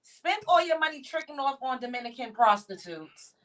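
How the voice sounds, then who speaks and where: A woman with a fairly high, highly animated voice co-hosts a casual gossip show. She talks bluntly and mockingly, her pitch leaping around as she roasts people. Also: normal speed. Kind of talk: casual chat.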